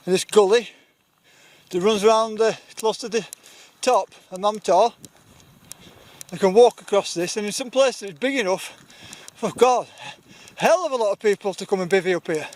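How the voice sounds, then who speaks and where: A middle-aged man with a Yorkshire accent, rambling cheerfully through a camping vlog outdoors on a windy hilltop. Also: high voice. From Yorkshire, England. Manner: rambling, chatty, self-deprecating. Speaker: outdoor vlogger.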